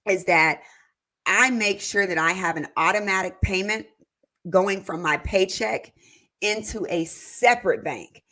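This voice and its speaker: A woman on a relaxed live stream, talking money with her viewers in a chatty, warm way. Her voice sits fairly low, but it has a bright, forceful edge. She leans on fillers and makes sudden leaps upward in pitch when she gets excited. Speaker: personal finance livestream host. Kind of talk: casual live-stream chat, reading viewer comments aloud.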